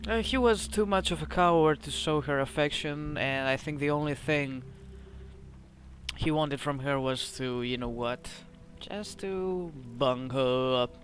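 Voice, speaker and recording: A man's voice: a little high, unhurried, fairly bright tone, soft background music. A Greek man giving casual, joking commentary over a game and reading letters aloud. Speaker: gameplay commentator. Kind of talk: casual let's-play commentary.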